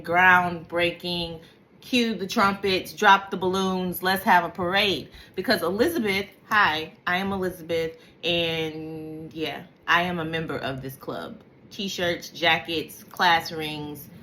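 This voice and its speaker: Animated woman giving a reflective talk. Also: medium pitch, slight background noise. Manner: animated, acts out her own thoughts in voices. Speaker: host.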